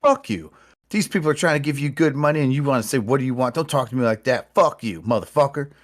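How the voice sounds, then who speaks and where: A man putting on an angry rambling stranger who yells profanity at a street vendor. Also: mid-range voice, steady tone, fairly quick, pitched above the performer's own voice, lightly acted. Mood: furious. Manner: shouting profanity.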